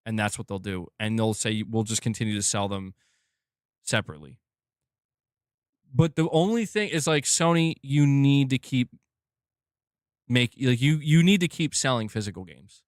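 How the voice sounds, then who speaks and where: A man's voice: mid-range voice, animated, moderate pace, clear, resonant tone, no echo, studio quality. A man hosting a gaming news stream, ranting casually and with exasperation, swearing and rambling.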